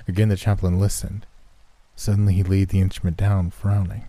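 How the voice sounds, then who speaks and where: A man narrating a horror story in a measured, steady way. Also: deep voice. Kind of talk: scripted narration.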